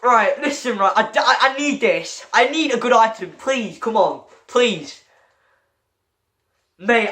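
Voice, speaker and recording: A man giving excitable gaming commentary while chatting with a friend, stammering and repeating himself. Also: sits high, a little fast. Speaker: gamer opening loot crates.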